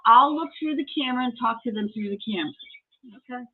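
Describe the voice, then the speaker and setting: A middle-aged woman hosting a live collectibles sale, chatting casually and telling a story in an animated way. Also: a little high, fairly quick, breathy edge. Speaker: host selling collectibles. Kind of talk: casual sales chat and storytelling. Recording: tinny phone-like audio.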